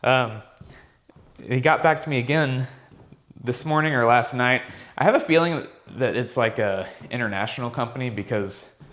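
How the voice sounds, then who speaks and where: A man's voice: mid-range voice, moderate pace, a bit bright. A man talking casually in a vlog, telling a rambling story about his work from home. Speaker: vlogger and content creator.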